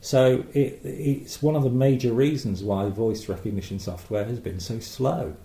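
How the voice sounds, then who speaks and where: A man's voice: medium pitch, dark tone. Rambling man in an echoey room. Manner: rambling, halting, with many fillers. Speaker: podcast co-host. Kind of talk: casual chat.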